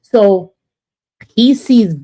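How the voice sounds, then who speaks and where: Speaking very slowly in a voice on the high side, a woman shares a personal story with her viewers. Her tone is casual and lively, she addresses them directly, and she keeps tossing in "right?"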